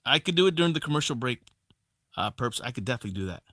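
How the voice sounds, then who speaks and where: A man calling live baseball play-by-play on a stream, excitable on big plays and chatting casually with viewers between pitches. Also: very fast, no room sound.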